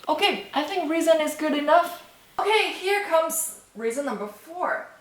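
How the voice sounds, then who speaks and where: A woman's voice: high-pitched, a bit bright, recorded from a distance. Friendly woman teacher in a roomy space. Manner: friendly, often ends phrases with "okay?" and "right?". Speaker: language teacher. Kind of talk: casual online lesson. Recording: roomy, voice set back from the mic.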